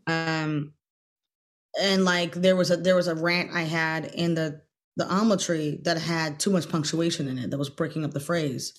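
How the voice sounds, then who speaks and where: Animated woman telling a story. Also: deep voice, moderate pace. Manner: lively, acts out quoted lines in loud bursts. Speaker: guest actress. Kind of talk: animated storytelling in a podcast interview.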